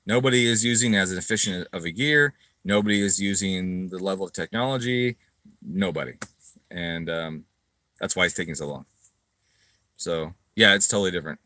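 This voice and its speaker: A middle-aged man who owns a car parts business answers live chat questions on a casual livestream, speaking at a moderate pace in a pushed, bright voice with no room sound. He's profane and ranting, mocking his critics in shrill voices.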